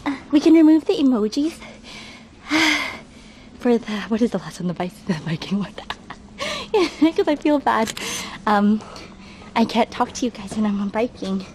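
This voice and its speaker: A woman streams live outdoors while climbing stairs, breathless and masked, with a highish, slightly mellow voice, lively intonation and an unhurried delivery. As a travel livestreamer she keeps up casual, self-deprecating banter, greeting viewers by name and reading chat aloud over background noise.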